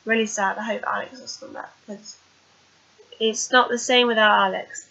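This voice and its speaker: A woman with a bright, fairly high voice talks loosely through a TV recap, full of ums and asides. The recording sounds dull and lo-fi. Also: steady tone, moderate pace, vocal fry. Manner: chatty, rambling, many fillers. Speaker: TV recap vlogger. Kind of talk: casual recap chat.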